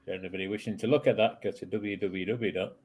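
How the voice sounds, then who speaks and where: Low-voiced hesitant man co-hosting. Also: steady tone, quick pace, a little mellow, a little hiss or hum. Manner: hesitant, full of ums and fillers, dry teasing. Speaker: co-host. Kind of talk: casual live chat.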